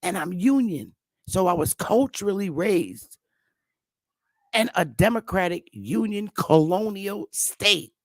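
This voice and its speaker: A woman from Connecticut hosting a casual conversation, talking in a slow, emphatic, outspoken way. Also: medium pitch, animated, no room sound. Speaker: host.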